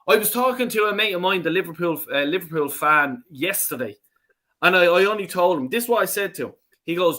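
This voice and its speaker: A man ranting, bright and sweary. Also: a little high, fairly quick. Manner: angry, sweary, stammering restarts. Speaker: fan channel host. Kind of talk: ranting podcast chat.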